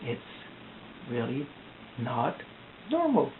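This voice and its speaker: A distressed young man from Quebec, rambling anxiously in a confessional video diary, halting and repeating himself. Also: mid-range voice, wildly swooping pitch. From Quebec, Canada. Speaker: vlogger. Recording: tinny lo-fi audio with hiss.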